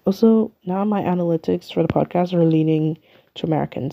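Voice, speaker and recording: Rambling young English woman, gravelly. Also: lowish voice, fairly quick, warm tone. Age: young adult. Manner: chatty, rambling, self-mocking. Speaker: podcast host. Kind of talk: casual solo podcast chat.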